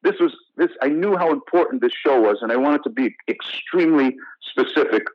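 A man from the United States talks through his career as an interview guest, animated and full of restarts. His voice sits at an ordinary pitch. The audio is dry and a bit dull, like a remote call. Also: fairly quick, no room sound. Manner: animated storyteller, many restarts and "you know". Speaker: actor guest. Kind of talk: casual interview storytelling.

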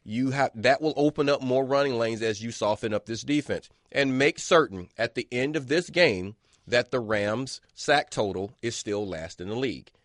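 A man's voice: mid-range voice, moderate pace, no echo. Guy breaking down football on the radio, punchy and repeats himself, dry close sound. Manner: emphatic, repeats words for stress. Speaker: football analyst, co-host. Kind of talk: sports radio talk.

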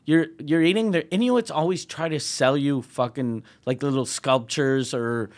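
A man telling a profane comic road story as a podcast guest, animated and laughing often. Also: mid-range voice, moderate pace. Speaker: comedian guest.

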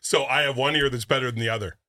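A man in his thirties hosting a show, telling a story loudly and acting out what others said, laughing as he goes. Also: mid-range voice, quick pace. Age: 30s. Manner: loud, animated, laughs through stories and acts out quotes. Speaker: radio show host. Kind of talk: comedic storytelling chat.

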